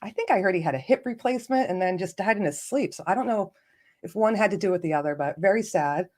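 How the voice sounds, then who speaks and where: A woman hosts a casual live stream, talking with her viewers and greeting them by name. Her voice sits at a middling pitch. She is chatty, pokes fun at herself and laughs often. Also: animated, fast, a little mellow. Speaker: livestream host.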